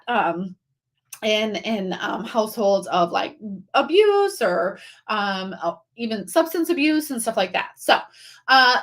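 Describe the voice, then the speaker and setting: A woman's voice: on the high side, fairly bright tone. A middle-aged woman leading a live online training, talking casually with many fillers and restarts and greeting viewers by name. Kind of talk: live-streamed teaching talk.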